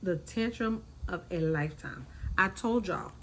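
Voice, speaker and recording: A woman hosting a casual recap, talking in an animated way, repeating her points and acting out quotes. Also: on the low side, unhurried, slight background noise, rough recording. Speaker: reality TV recap host.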